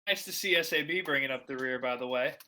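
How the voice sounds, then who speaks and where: A man's voice: mid-range voice, fast, sharp tone, slight background noise. A man playing a tabletop game who sounds upbeat and agrees readily. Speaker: player. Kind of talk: casual tabletop game chat.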